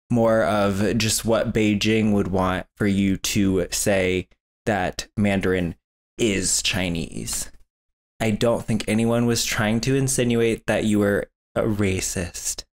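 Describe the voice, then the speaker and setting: A man hosting a reaction commentary, talking in an exasperated, sarcastic, lecturing way. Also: lowish voice. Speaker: commentary host.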